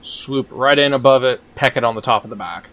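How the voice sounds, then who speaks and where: A man's voice: medium pitch, brisk, a bit bright, dull audio. A man playing a tabletop game, making matter-of-fact calls about moves and rolls. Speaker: player. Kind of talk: casual tabletop game chat.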